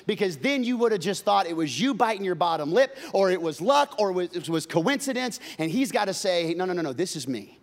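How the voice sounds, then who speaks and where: A male pastor preaching a sermon, conversational and humorous with emphatic swings from loud to soft. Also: high voice.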